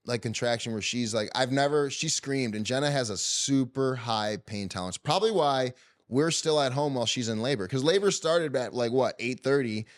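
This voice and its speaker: A man's voice: medium pitch, moderate pace. A man hosting a podcast, telling a story in a loose, joking casual chat. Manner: loose and joking, heavy use of "like". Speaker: podcast host.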